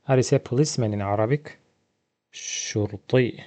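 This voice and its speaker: A man teaching a beginner vocabulary lesson from slides, asking questions and then slowly repeating each word twice. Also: mid-range voice, a little mellow. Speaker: Arabic teacher.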